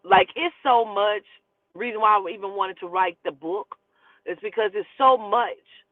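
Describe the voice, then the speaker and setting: A woman's voice: mid-range voice, measured pace. A woman in her forties tells her own story bluntly and with a lot of swearing and emphasis. The sound is thin and phone-like, and there is no room echo at all. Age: 40s. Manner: blunt, profane, emphatic retelling. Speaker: storyteller host. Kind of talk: casual storytelling. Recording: tinny phone-like, dry sound.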